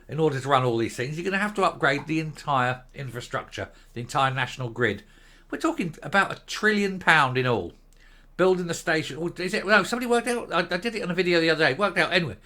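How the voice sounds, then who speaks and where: Older man ranting, sharp and lively. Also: fairly high pitch, fairly quick. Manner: profane, scornful, sarcastic ranting. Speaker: vlogger. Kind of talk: angry political rant.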